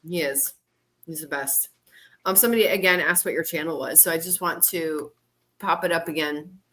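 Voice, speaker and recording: A woman's voice: low-pitched, moderate pace, pushed and bright. A woman moderating and co-hosting a casual livestream, chatty and laughing often.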